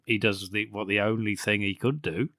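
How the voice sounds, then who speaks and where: A man's voice: lowish voice, fairly even intonation, moderate pace, pushed and bright, no room sound, clean studio sound. A man hosting a podcast, sarcastically recapping a bad film with frequent swearing and laughter. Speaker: podcast host.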